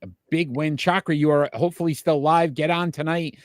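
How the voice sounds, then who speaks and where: A man hosting a casual sports talk show, chatty and quick to laugh, calling out to his live viewers. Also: on the high side, fairly even intonation, no echo, clean studio sound. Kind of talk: casual sports picks chat.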